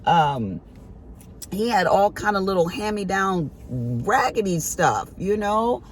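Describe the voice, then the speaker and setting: Middle-aged woman, casual storytelling vlog, emphatic, colloquial, mid-pitched voice. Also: animated, slow pace, slight background noise. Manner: chatty, emphatic, colloquial, acts out family quotes. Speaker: vlogger.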